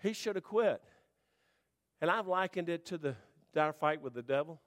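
A man preaching to a congregation, telling a rambling, animated story with restarts. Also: a little high, normal speed. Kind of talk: storytelling sermon.

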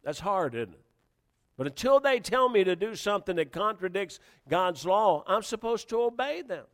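Man, pastor preaching, animated and emphatic, high voice, long hall reverb. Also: moderate pace. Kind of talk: sermon.

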